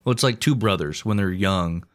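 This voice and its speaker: A man's voice: low-pitched, moderate pace. A man co-hosting a casual podcast, chatting in wry, rambling asides. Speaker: podcast co-host. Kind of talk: casual chat.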